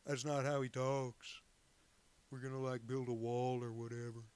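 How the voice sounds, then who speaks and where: A man putting on a laid-back cowboy voice in a slow drawl, deliberately a bad impression. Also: mid-range voice, little pitch movement, a little mellow, smooth, natural voice.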